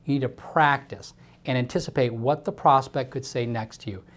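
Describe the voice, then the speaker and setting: A man's voice: medium pitch, moderate pace. Emphatic male sales coach. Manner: emphatic, coaching, drives points home with repetition. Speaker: sales trainer. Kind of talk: instructional talk to camera.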